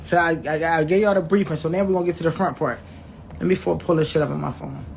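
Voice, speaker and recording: Over a little hiss or hum, a man talks fast in a fairly high, creaky voice with fairly even intonation. He shares a personal story with viewers in blunt, profane language, performing quoted dialogue and stumbling into repeats and restarts.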